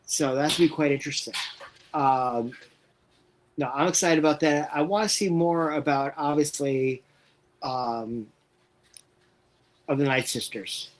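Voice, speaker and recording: A man's voice: on the high side, unhurried, pauses often. A man co-hosting a casual live watch-along stream, talking hesitantly with lots of filler sounds. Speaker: co-host.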